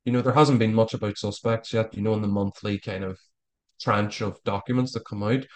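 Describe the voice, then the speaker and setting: A man's voice: lowish voice, fairly even intonation, brisk, a little mellow. A man talking as a guest in a casual interview, rambling with frequent stammered restarts. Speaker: author guest.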